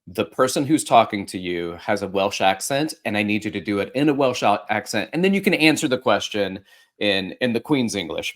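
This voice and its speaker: A man hosting a podcast, chatting casually and cutting in with playful, relaxed remarks. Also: lowish voice, fairly quick. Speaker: podcast host.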